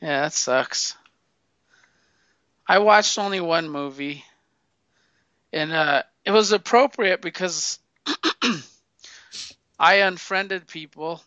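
A man with a high, sharp voice speaks bluntly and swears freely in relaxed chat. The recording is dry and a little dull, as if the sound were muffled. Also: smooth, no room sound. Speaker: podcast co-host. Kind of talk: casual chat.

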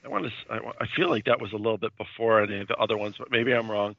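A man's voice: lowish voice, fairly even intonation, very fast, creaky, lo-fi sound. A man in casual podcast chat who talks hesitantly, stammering and restarting his sentences.

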